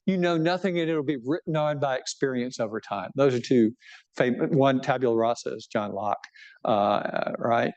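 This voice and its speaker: Heard through dull audio, a bishop speaks at a moderate pace in a medium-pitched, darkish voice. His book talk before a live audience is conversational and playful, with self-deprecating humor and regular check-ins with listeners.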